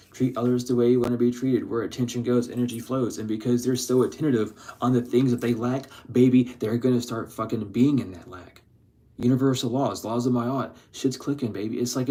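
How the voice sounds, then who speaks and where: A man giving a casual spiritual tarot reading, slangy and profane, laughing often and swinging between excited bursts and low mutters. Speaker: tarot reader.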